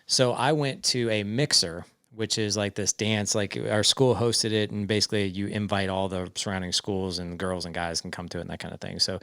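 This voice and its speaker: Male podcast guest, forties, lower voice, frank storyteller, dry close recording. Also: fairly even intonation, moderate pace, hardly any pauses, fairly bright tone, no room sound. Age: 40s. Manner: frank, acts out quoted dialogue. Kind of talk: candid personal storytelling.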